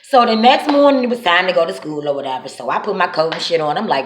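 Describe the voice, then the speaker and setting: Animated woman telling wild stories. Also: on the low side, fast, few pauses. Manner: animated, profane, slangy. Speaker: vlogger. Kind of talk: casual storytelling. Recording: echoey room.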